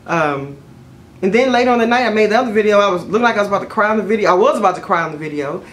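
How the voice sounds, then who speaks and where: A woman's voice: lively intonation, very fast, slight background noise. Chatty woman vlogger telling a story. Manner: chatty, rambling, with fillers and self-corrections; jumps high in pitch when quoting herself. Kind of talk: casual storytelling to camera.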